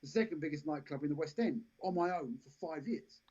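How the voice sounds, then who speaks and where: A man's voice: fairly high pitch, fairly quick, a little mellow, husky. Rambling man telling stories. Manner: rambling anecdotes, frequent restarts, laughs at own stories. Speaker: actor and director, podcast guest. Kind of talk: casual storytelling interview. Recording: lo-fi live stream audio.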